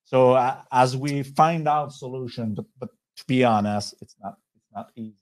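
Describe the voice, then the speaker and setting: A man with a French accent speaks at a mid pitch over what sounds like a video call. His webinar presentation moves haltingly, full of pauses and self-restarts. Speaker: software company executive.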